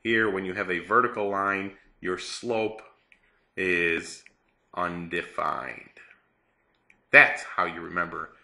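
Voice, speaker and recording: Bright, low-voiced male math teacher. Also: vocal fry. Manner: chatty, playful, acts out a story with yelps. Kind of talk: classroom math lesson.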